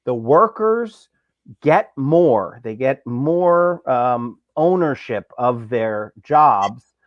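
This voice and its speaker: A man's voice: medium pitch, animated, very slow, no echo. A man from Pittsburgh, a labor reporter on a political talk show, speaking with passion and sarcasm, with many fillers and restarts. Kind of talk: casual political chat. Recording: dull, lo-fi dry sound.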